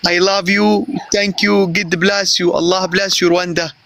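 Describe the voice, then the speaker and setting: A man's voice: high voice, flat delivery, measured pace, vocal fry, fairly bright tone, slight background noise, low-quality recording. A man from Gaza with a Palestinian Arabic accent, pleading for help in broken English, talking over a phone on a live video call. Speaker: guest on a live stream asking for help. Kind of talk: pleading live-stream chat.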